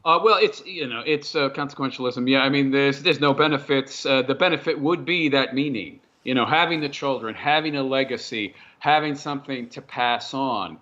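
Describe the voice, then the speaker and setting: A man, a guest on a podcast, explaining his views in a measured, lecturing way. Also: mid-range voice, sharp tone, muffled recording. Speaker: guest, channel host. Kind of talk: casual podcast chat.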